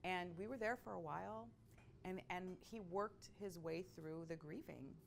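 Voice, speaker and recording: A woman telling a personal story in a conversational, expressive way, with frequent asides to her listeners. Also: on the low side, unhurried, gravelly, a little hiss or hum. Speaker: speaker sharing a personal story.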